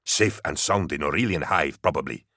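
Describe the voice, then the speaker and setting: A man's voice: sits low, big pitch swings, normal speed, pushed and bright, no echo, studio quality, exaggerated voice. A man voicing a sneering, defiant male driver with an acid, jeering manner.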